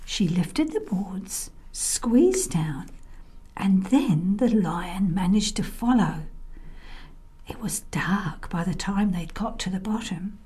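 A woman storyteller narrating a children's tale, expressive and often dropping to a soft whisper. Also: medium pitch, slow pace. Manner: softly whispered in places, expressive.

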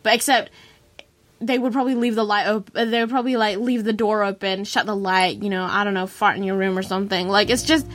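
A young woman from New Zealand talking casually on her radio show, rambling and animated, full of fillers and acted-out quotes. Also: mid-range voice, fairly quick. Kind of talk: casual solo radio talk. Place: radio studio.

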